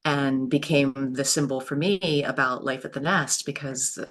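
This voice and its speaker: A woman, telling homestead stories in a lively, animated way as an interview guest. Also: very deep voice, unhurried. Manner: lively, animated storyteller with frequent laughs. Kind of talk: storytelling in an interview.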